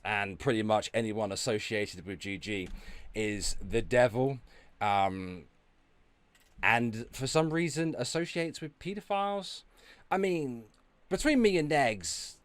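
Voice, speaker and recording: A man's voice: medium pitch, expressive, a little slow, no echo. A man streaming, ranting and talking back to his chat, sweary and sarcastic. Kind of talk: ranting livestream commentary.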